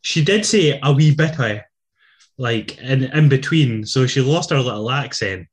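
A man with a Scottish accent co-hosting a casual wrestling review chat, teasing and quick to laugh, leaning close to his mic. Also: medium pitch, expressive. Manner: chatty, laughs often, teasing. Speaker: wrestling podcast co-host. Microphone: leans close to camera mic.

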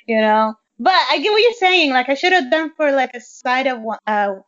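A woman's voice: sits high, lively intonation, normal speed, a bit bright, muffled recording. A woman hosting a podcast, chatting in a hyper, rambling way full of fillers. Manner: hyper, chatty, lots of "like" and "you know". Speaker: podcast host. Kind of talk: casual podcast chat.

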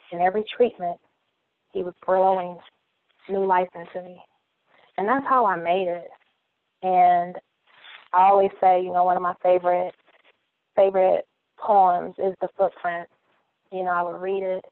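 A woman's voice: fairly low pitch, no echo. Woman on a tinny phone-like line. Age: around 40. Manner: candid, heartfelt, repeats phrases. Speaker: podcast guest. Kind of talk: personal storytelling in interview.

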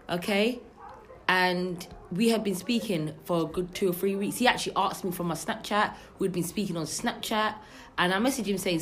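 Young woman telling gossip. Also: on the low side. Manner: animated gossipy storytelling with slang. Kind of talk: casual storytelling chat.

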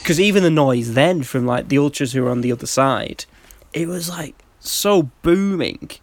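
A man's voice: a little high, lively intonation, moderate pace, slight background noise. A man chatting casually on a podcast, telling travel stories and laughing often. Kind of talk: casual chat, anecdote telling.

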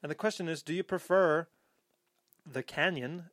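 A man's voice: on the high side, normal speed, a bit bright, dry recording, studio quality. A man hosting a casual podcast chat, joking around and reading short excerpts aloud. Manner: reads excerpts aloud, jokey. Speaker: podcast host.

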